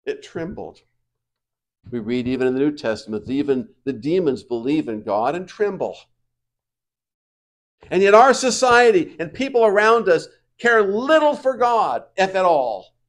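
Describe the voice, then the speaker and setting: Pastor, man, fairly high voice, preaches in surges from hushed to booming. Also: very animated, unhurried. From United States. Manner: swings from quiet reflection to loud emphatic preaching. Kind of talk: sermon.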